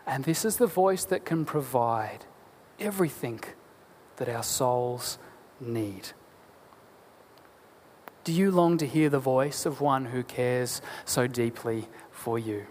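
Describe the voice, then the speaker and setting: A man preaching a sermon as a pastor, earnest and deliberate, asking rhetorical questions. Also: medium pitch, darkish tone, a little hiss or hum. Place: church. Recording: long church hall reverb.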